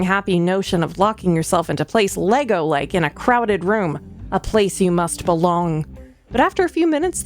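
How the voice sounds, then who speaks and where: A woman streamer reading a narrative game aloud on a live stream, breaking in with quick asides. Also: medium pitch.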